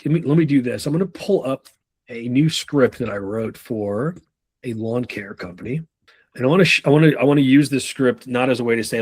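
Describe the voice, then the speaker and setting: A man giving a casual sales training talk, swearing freely and acting out pitches and customer replies. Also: no echo. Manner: loose, profane, acts out sales calls in quick role-play.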